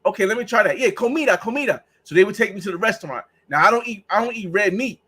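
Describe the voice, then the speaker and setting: A man's voice: high-pitched, rapid-fire, bright, forceful tone, husky, poor audio. A man hosting a travel vlog, chatting casually and rambling through stories with acted-out exchanges. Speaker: travel vlogger host. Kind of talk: casual livestream chat.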